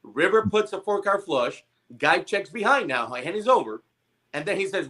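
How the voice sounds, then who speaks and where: A man on a poker podcast, recounting a story in an animated, casual way and quoting the people involved. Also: sits high, normal speed. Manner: animated, quotes dealers and players.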